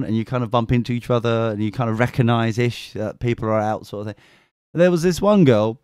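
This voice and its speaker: A young English man co-hosting a podcast, telling a sweary, animated story in a casual chat. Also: medium pitch, smooth, dry recording, clean studio sound. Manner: sweary, animated anecdote with mimicked voices. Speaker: podcast co-host.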